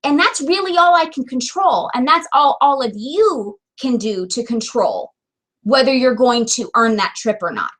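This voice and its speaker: A woman's voice: high voice, sing-song, moderate pace, fairly bright tone. A woman leading a sales team, giving an earnest, emotional motivational talk straight to camera. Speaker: direct sales team leader.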